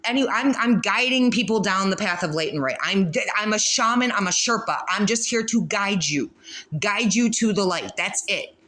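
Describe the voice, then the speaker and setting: A woman gives a casual spiritual card reading straight to her viewers. She is blunt and swears freely, often breaking into laughter, and her voice sits at a middle pitch. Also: expressive, moderate pace, fairly bright tone. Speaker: tarot reader.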